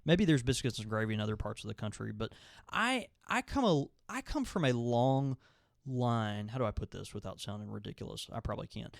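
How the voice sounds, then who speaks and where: A man from the South co-hosts a casual podcast in a lively, jokey way, his voice rising and falling a lot. He is recorded dry on a close mic. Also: medium pitch, a little fast, creaky, dry recording. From American South. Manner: animated, playful, laughs often. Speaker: podcast co-host. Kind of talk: casual chat.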